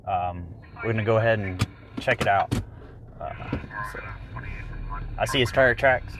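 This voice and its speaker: A man with a lowish voice narrates a mock police call in a flat, matter-of-fact tone. Car and vehicle noise sits clearly behind him on a noisy outdoor recording. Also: unhurried.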